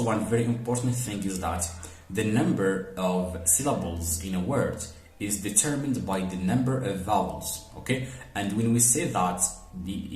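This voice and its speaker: A man with a fairly low voice is teaching a phonetics lesson. He works through each point patiently, repeating the example words slowly and leaning on "okay" and "for example". The recording has a noticeable room echo. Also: darkish tone.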